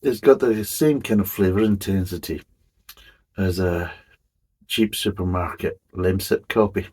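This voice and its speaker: A man's voice: deep voice, a little slow, a little mellow, breathy edge. A middle-aged man reviewing a beer in a chatty, rambling way, swearing casually as he goes.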